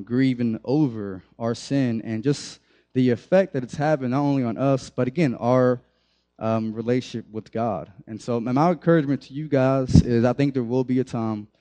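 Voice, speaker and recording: A man's voice: mid-range voice, mellow. A young man, a youth pastor, giving a casual, conversational sermon full of restarts and direct questions to his listeners. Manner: conversational, many fillers and restarts, addresses the group directly.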